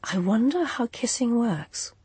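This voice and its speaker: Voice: medium pitch, lively intonation, a little slow, darkish tone, slightly rough, dry recording, voice pushed up. A narrator voicing Fever, an earnest young woman who speaks precisely and formally. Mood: wondering. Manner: precise, formal, uses no contractions. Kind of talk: audiobook character voice.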